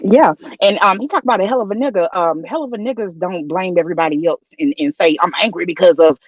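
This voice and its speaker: A woman's voice: medium pitch, lively intonation, fast talker, no room sound, highs cut off. A woman co-hosting a reaction show, agreeing with the host and making pointed remarks. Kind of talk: casual reaction commentary.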